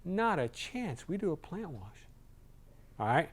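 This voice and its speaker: A man giving a live sales training talk in a lively, conversational way, acting out what customers say. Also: on the high side, a little slow, slightly rough. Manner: lively, acts out customer voices.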